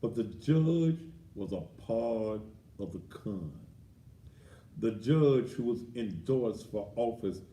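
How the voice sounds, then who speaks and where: A man's voice: lowish voice, expressive, slow, warm tone. Indignant man ranting in an echoey room. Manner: indignant, blunt, crude. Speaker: commentary show host. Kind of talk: ranting commentary.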